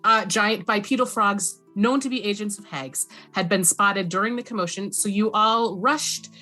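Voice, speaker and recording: A woman narrating a tabletop game as dungeon master, halting with many fillers. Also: mid-range voice, bright, forceful tone, soft background music.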